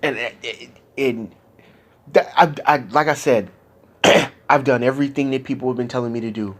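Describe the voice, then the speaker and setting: A man's voice: medium pitch, normal speed. A young man talking candidly with his therapist, frustrated and profane, his voice climbing into anger as he vents. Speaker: patient in therapy.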